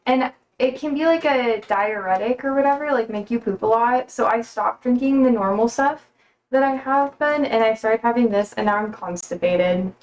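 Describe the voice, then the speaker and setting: A woman's voice: on the high side, normal speed, low-quality recording. A young woman livestreaming from her kitchen, chatting casually and rambling between talk to her pets. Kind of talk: casual chat while cooking.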